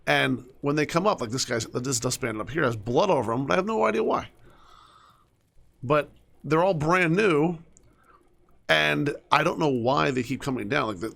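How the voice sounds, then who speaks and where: A young man with a gravelly, fry-edged voice talks his way through a game, chatting casually to the characters on screen. He often drops into soft mutters, then picks back up in a mid-range voice. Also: medium pitch, normal speed. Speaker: gaming streamer. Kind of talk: casual gameplay commentary.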